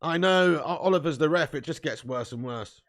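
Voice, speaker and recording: A man with a fairly high voice runs a live football watch-along, calling the play and chatting with viewers. He swings between relaxed banter and loud excited cheering, swearing freely as the match unfolds. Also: moderate pace. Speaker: fan watch-along host.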